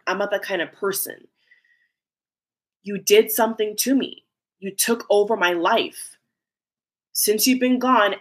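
A woman's voice: medium pitch, a bit bright, close to an everyday voice. A woman voicing a remorseful lover who begs forgiveness in blunt, emotional first-person lines, delivered as a channeled message. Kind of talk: channeled message spoken aloud.

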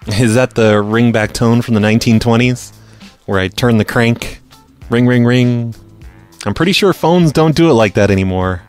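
A man's voice: mid-range voice, moderate pace, soft background music. A man hosting a prank call podcast, talking casually with dry, sarcastic teasing.

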